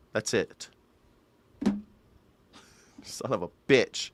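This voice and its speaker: A man's voice: mid-range voice, expressive, slow pace, long pauses, fairly bright tone. Mock-outraged man ranting. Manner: mock-outraged, sarcastic, swearing. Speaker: commentator. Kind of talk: comedic rant reacting to a news clip. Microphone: studio mic through a mixer.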